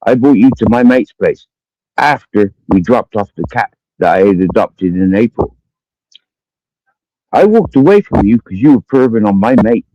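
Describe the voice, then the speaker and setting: Angry and profane, a Cumbrian man with a lowish voice and lively intonation rants at someone on his livestream at normal speed, drinking as he goes. He curses constantly and hammers the same accusations again and again. The dull lo-fi stream audio has no room sound.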